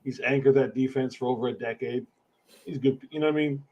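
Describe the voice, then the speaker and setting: A man's voice: medium pitch, fairly even intonation, fast talker, darkish tone, highs cut off. Laid-back man chatting football. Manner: laid-back, laughs easily. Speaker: podcast co-host. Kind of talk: casual sports fan chat.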